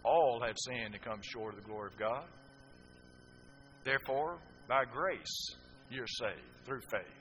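A male preacher delivering a sermon emphatically, swinging from loud declarations to hushed, drawn-out phrases. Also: mid-range voice, slight background noise. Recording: dull lo-fi sermon recording.

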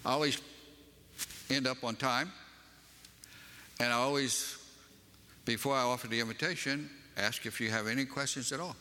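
Bright-voiced Southern preacher in a hall. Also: male voice, fairly even intonation, moderate pace, long pauses. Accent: Western North Carolina Southern. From Western North Carolina. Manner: emphatic storytelling, rising sharply in pitch when telling a story. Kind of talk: sermon with personal story.

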